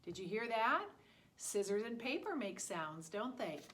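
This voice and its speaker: A woman's voice: medium pitch, sing-song, a little slow, fairly bright tone, slight background noise. A woman teaching a listening lesson to preschool children, talking in an exaggerated, sing-song way.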